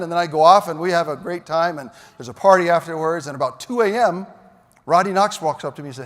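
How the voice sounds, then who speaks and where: Male keynote speaker, lively storyteller, high-ish voice, long reverb of a big hall. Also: fast talker. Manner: animated, shouts punchlines. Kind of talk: storytelling speech. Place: large hall.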